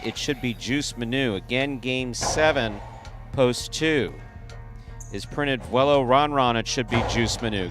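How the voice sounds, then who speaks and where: A man calling jai alai play-by-play, with rambling asides when he chats with his co-host. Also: on the low side. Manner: crisp calls of each play, rambling asides in chat. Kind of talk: sports commentary and casual banter.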